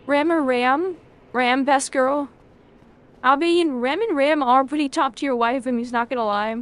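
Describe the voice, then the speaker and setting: A woman's voice: sits high, unhurried. A woman streaming a video game, chatting casually with her chat, rambling and swearing freely.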